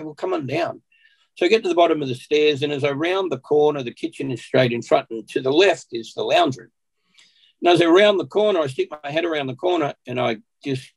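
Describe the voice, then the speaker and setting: An Australian man speaks as a podcast guest, telling a personal story in earnest. His voice is gravelly and husky. He keeps an unhurried pace and clears his throat often. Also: a little high, poor audio.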